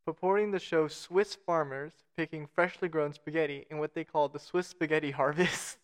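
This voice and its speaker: A man's voice: on the high side, steady tone, normal speed, clean tone. A man co-hosting a casual podcast, reading out facts with self-mocking jokes and stumbling over foreign names. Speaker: podcast co-host.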